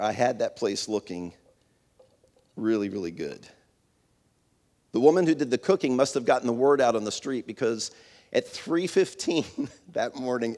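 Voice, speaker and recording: A man reads a story aloud in an earnest storytelling manner. His voice sits at an average pitch for a man. Long reverb rings around him as if in a large hall. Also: warm tone. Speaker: speaker.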